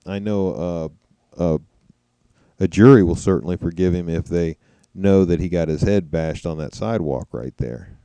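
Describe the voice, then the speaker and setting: A man talks through his commentary in a loose, conversational way, pausing to muse. His voice is very deep and mellow, smooth and resonant. The recording is close and dry, with no room sound. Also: dry recording. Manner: conversational, musing, mocking imitations. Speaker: commentator reacting to trial footage. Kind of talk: casual commentary over clips.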